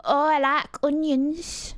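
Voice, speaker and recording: Woman doing a nervy yorkshire cartoon hen, squeaky high and fretful. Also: flat delivery, takes it slowly, dry recording, clean studio sound. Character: anxious hen from an animated film.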